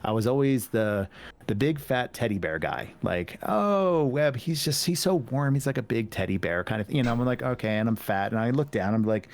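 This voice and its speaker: A man's voice: lowish voice, a little fast, a little mellow. A man, a podcast guest, talking candidly and reflectively in casual chat, acting out quoted dialogue and laughing often. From United States.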